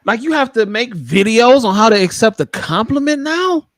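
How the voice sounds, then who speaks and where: A man hosting a podcast in casual chat, animated and acting out quoted voices. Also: very high voice, moderate pace. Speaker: podcast host.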